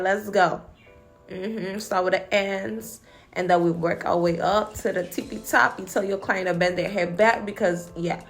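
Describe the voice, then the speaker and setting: A woman's voice: medium pitch, gravelly. A woman hair braider from the Virgin Islands, talking viewers through a braiding tutorial in a sassy, playful, chatty way. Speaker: hair braider and channel host.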